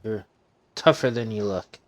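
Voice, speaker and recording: A man's voice: on the low side, measured pace, soft background music. A man hosting a gaming channel, playfully reading every character's dialogue aloud himself while playing and laughing often.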